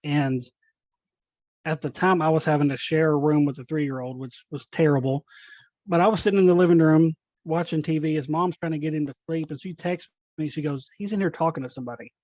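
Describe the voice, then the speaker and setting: A man tells ghost stories in an animated way, acting out what people said. His voice sits a bit high. The sound is dull and dry, with no room around it. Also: a little fast, no echo. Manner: animated, acts out quoted dialogue. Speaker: paranormal investigator guest. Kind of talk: casual storytelling.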